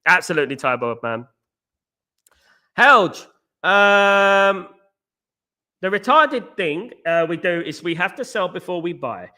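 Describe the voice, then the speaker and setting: Fast-talking excitable man. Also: high voice. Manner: talks fast and excitedly, many restarts, says mate. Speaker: show host reading viewer comments. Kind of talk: fast casual live chat.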